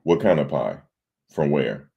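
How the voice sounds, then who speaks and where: A man's voice: very deep voice, lively intonation, a little slow, gravelly, breathy edge, lo-fi sound. A man hosting a livestream, rambling in casual chat and talking straight to his viewers in the chat. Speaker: livestream host.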